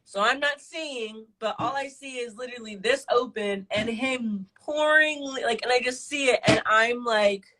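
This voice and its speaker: A woman's voice: on the high side, measured pace, few pauses, sharp tone, low-quality recording. A woman in her twenties on a live stream, telling a personal story in a casual, rambling way, full of fillers and swearing. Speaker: livestream guest.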